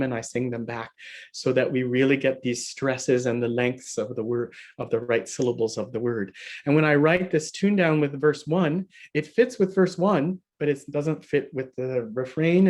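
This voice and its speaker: A man's voice: mid-range voice, darkish tone. Guy teaching harp on a video call, medium voice, chatty, laughs a lot. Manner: chatty, laughs often, self-correcting. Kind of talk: online workshop lesson.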